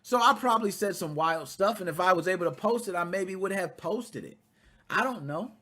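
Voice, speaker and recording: A man in his thirties hosting casual commentary, talking straight to his viewers in a blunt, profane, animated way. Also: high voice, a little fast. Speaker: commentary channel host.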